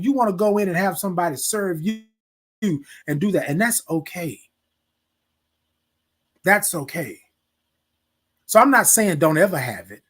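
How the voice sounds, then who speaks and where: Preachy man with a lively, swinging voice. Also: sits high, husky. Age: adult, military veteran. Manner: preachy, repeats key phrases, talks to viewers directly. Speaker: host of a live morning show. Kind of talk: motivational live-stream talk.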